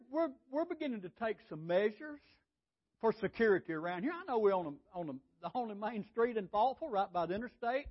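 A man preaching a sermon, folksy and conversational, often repeating his words. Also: sits high. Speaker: pastor. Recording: dull lo-fi sound.

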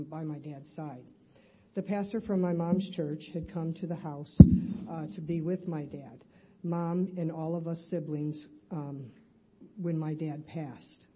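A middle-aged woman in a church, earnestly reading her personal testimony aloud, halting at times with restarts. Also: low-pitched, husky, lo-fi sound. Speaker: church member giving a testimony.

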